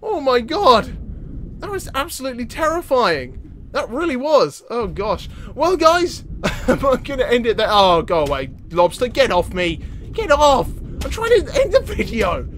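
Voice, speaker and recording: A young man giving excitable gameplay commentary, often yelling and laughing. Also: very high-pitched, measured pace, a little hiss or hum. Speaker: gaming video host.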